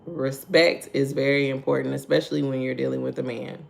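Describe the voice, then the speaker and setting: A woman with a rumbling low, creaky voice and little pitch movement speaks fairly quickly as host of a casual morning devotional livestream. She laughs often, repeats her points, greets viewers by name, and keeps asking "right?" and "okay?" to draw listeners in.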